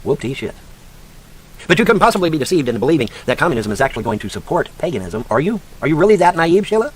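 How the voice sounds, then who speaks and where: An online commentator with a fairly high, husky voice races through an angry, very animated rant. Like a sarcastic teacher, he mocks and lectures, swearing and shouting insults at a woman he names.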